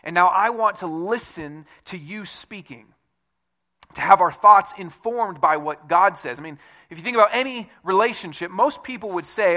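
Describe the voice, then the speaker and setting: A man preaching a conversational sermon as a church pastor, with self-deprecating asides and a relaxed, talky delivery. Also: sits high, normal speed.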